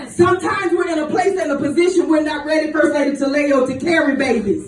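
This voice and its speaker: A woman preaching a fiery sermon in a sing-song cadence, shouting her points while a congregation answers. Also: high-pitched, fast, crowd noise. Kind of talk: fiery call-and-response sermon. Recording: echoey church hall, distant mic. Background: church music and responding congregation.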